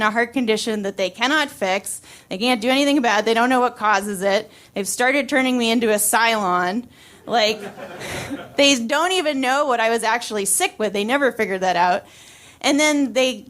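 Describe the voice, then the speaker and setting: A woman's voice: fairly high pitch, fairly bright tone. A woman in her twenties telling a personal story on stage, chatty and wry, laughing often and using many fillers. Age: 20s.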